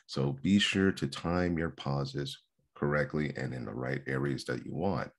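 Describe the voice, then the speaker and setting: Very deep-voiced man teaching public speaking. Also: a little slow. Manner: earnest, emphatic, repeats words for stress. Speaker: speech instructor. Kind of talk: seminar lecture on public speaking.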